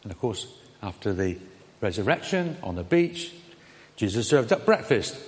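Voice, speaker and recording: A man preaching a sermon in a conversational way, with his voice lifting on questions and dropping soft on tender lines. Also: lowish voice, sing-song, normal speed. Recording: reverberant hall.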